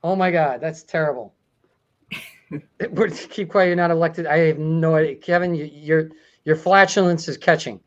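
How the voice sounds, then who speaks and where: A man's voice: fairly high pitch, moderate pace, muffled recording. A man hosting a comedy talk show, joking and laughing through his running commentary.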